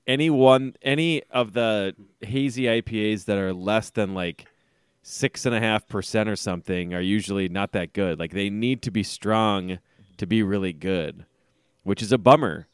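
A man in his forties with a smooth, resonant voice, sitting a little low in pitch. He co-hosts a podcast in loose, joking chat, swears freely and laughs a lot. The sound is dry and close. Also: moderate pace, no echo. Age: 40s. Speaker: podcast co-host. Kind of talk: casual chat.

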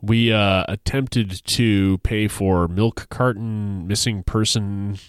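A man's voice: fairly low pitch, steady tone, slow pace, smooth, no room sound. A man co-hosting a casual podcast, joking dryly and reading an ad with mock grandeur. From United States. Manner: dry joking, reads ad copy with mock grandeur. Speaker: podcast co-host. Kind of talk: casual chat.

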